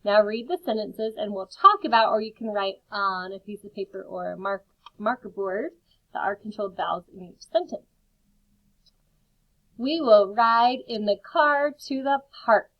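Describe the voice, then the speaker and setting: A woman teacher giving a phonics lesson to young children from home, sounding out each word slowly and clearly. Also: medium pitch, dull audio.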